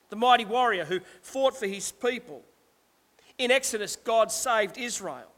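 High-voiced man preaching in a reverberant hall. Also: a bit bright. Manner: emphatic preaching with rhetorical asides. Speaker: pastor. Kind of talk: sermon.

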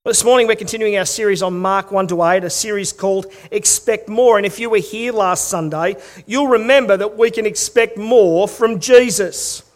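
A man's voice: sits high, normal speed, hardly any pauses. A middle-aged Australian man preaching a sermon, telling stories with wry humor and rhetorical questions. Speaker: pastor.

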